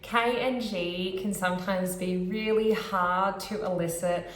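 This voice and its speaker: A woman speech pathologist, explaining therapy techniques clearly and demonstrating sounds. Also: mid-range voice, fairly even intonation, a little slow, reverberant, slight background noise. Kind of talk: instructional explanation to camera.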